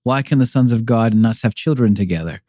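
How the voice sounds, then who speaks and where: Male guest with a warm, relaxed voice and a dry sound; talks loosely, with stops and restarts. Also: medium pitch, quick pace, no echo. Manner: rambling, with many fillers and repeated restarts. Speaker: podcast guest. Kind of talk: casual explanatory conversation.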